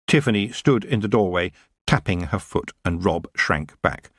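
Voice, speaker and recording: Husky, lively male storyteller. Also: low voice, normal speed, dry recording, studio quality. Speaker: audiobook narrator. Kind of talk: scripted narration.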